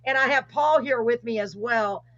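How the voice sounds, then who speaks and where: A woman's voice: fairly high pitch, moderate pace, fairly bright tone, no room sound, muffled recording. Chatty woman hosting over a video call. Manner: chatty, apologetic, gushing. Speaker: host. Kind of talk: live call-in show chat.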